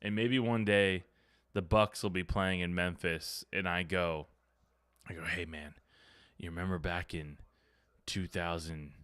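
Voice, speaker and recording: Man, podcast host, lively storyteller, swears freely, forceful lowish voice. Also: a little slow, pauses often, smooth, dry recording. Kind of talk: casual chat, animated anecdote.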